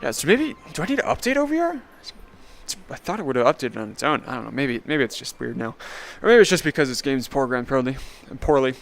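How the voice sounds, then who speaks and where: A man's voice: medium pitch, lively intonation, fairly quick, vocal fry. A young man streaming a VR game live, commenting sarcastically and laughing often. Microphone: VR headset mic.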